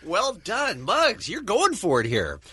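A man's voice: high-pitched, huge pitch swings, takes it slowly, bright, forceful tone, husky. A man hosting a morning radio show, running a guessing game with wry patter.

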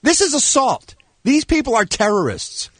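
A man's voice: very high voice, big pitch swings, normal speed, no echo. A man hosting a radio talk show, ranting and mocking with sarcasm.

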